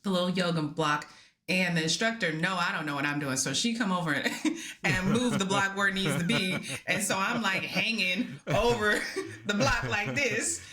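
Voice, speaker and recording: A woman co-hosting a podcast, telling a story in casual chat, animated and swearing freely, laughing often as she talks. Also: medium pitch, normal speed. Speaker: podcast co-host.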